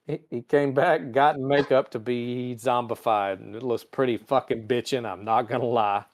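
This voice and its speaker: A man's voice: medium pitch, fairly even intonation. A man hosting a podcast, casually recapping an episode and briefly mimicking characters' lines. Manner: recaps scenes in quick mimicked voices. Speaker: podcast host.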